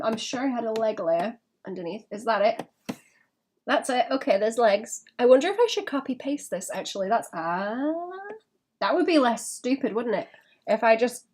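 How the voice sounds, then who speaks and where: Drawing live, a woman talks casually, thinking out loud with small laughs and restarts as she goes. Her medium-pitched voice is a little mellow, and there is slight hiss or hum in the recording.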